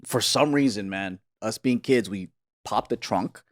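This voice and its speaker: A man co-hosting a comedy podcast, telling a childhood story in a casual, profane, animated way and laughing as he goes. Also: lowish voice, unhurried. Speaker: podcast co-host.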